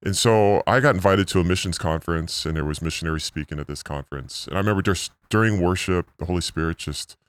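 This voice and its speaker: A man in his forties, a missionary guest, telling his story in a rambling, earnest way through a pitch-altered disguise. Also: fast talker, few pauses, clear, resonant tone, dry recording. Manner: earnest, rambling, full of "like" and "you know". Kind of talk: casual storytelling interview.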